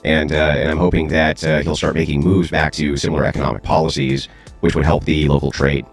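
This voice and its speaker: A man explaining economic views in a measured way, with hesitations. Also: a bass voice, flat delivery, creaky, faint music behind.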